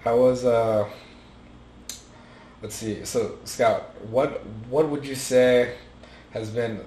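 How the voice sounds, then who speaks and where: A man's voice: mid-range voice, fairly even intonation, slow, dark tone. A man hosting a casual chat, laid-back, rambling into questions and stories. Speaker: podcast host. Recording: roomy, faint room noise.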